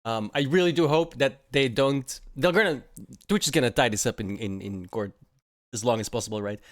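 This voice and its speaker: A man's voice: mid-range voice, a little fast. A young man streaming casual reaction commentary, mocking and swearing, often breaking into laughter.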